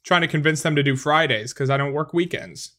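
Rich: A man with a sharp, bright tone talks over a friend in a loose gaming chat. He rattles along quickly, stammering and restarting, and pokes fun at himself. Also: on the high side. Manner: quick, stammering, self-mocking. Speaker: co-host recording a gaming chat. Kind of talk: casual chat.

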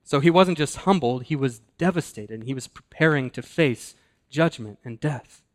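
Man, pastor, mid-pitched voice, earnest sermon delivery, slows and hushes for emphasis. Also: expressive.

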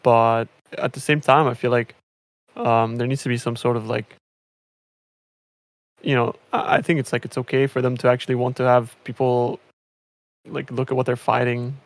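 A man's voice: medium pitch, little pitch movement, moderate pace, pauses often, no room sound. Rambling man in casual gaming chat. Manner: rambling, many fillers and restarts.

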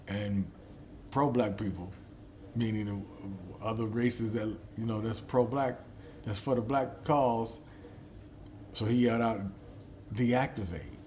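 A middle-aged man hosting his own podcast, telling stories in a loose, profane, animated way. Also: medium pitch, a little hiss or hum. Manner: animated storyteller who acts out quotes. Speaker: podcast host. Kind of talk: casual podcast monologue.

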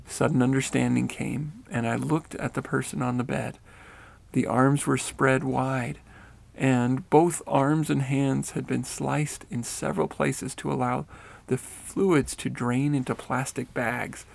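A man reads a first-person story aloud, steady and earnest. His voice is gravelly with some fry, at a middle pitch for a man. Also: measured pace.

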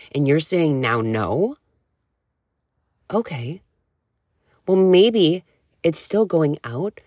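A woman in her thirties, a podcast host and nutrition coach, talking in a candid, animated way, full of "like" and casual swearing. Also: low-pitched, no echo, studio quality. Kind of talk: casual solo podcast talk.

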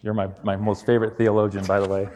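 A man preaching a sermon in an animated, joking, conversational way. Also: lowish voice, fast, big-room sound.

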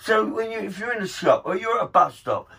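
A man's voice: high voice, expressive, fast, gravelly, pushed and bright, breathy edge, distant mic. A man, ranting bluntly and swearing constantly in casual podcast banter. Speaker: podcast co-host.

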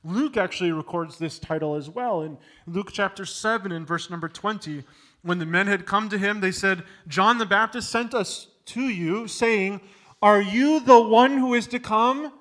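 A man preaching a sermon, building to loud emphatic peaks and dropping low for contrast. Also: moderate pace. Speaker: pastor.

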